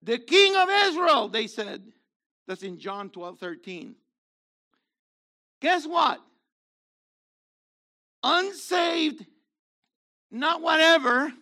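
A man in his seventies with a worn, gravelly voice, preaching a fiery sermon that swings from low murmurs to shouts. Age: 70s. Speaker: messianic rabbi.

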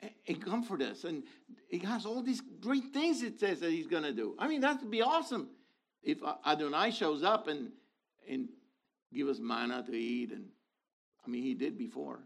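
A man in his sixties preaches a sermon at normal speed in a gravelly voice. He's animated, dropping into low asides and then rising to loud exhortation.

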